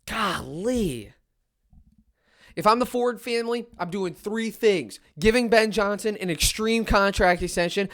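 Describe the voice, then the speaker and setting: A man's voice: high voice, unhurried. Exasperated young man ranting. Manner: exasperated rant with sudden loud outbursts. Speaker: sports podcaster. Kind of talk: ranting fan commentary.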